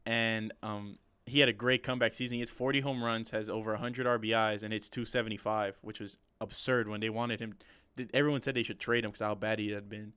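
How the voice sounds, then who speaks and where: A young man with a low, fairly monotone voice talks sports with a friend, rambling and restarting with enthusiasm. His voice is smooth and clear, and the recording is dry and close. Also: a little fast, hardly any pauses, no echo. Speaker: podcast co-host. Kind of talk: casual sports chat.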